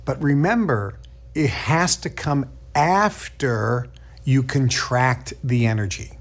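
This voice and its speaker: A man's voice: mid-range voice, slow pace. A middle-aged man giving a motivational teaching talk, emphatic, acting out quoted self-talk in a raised voice. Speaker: teacher of a book study.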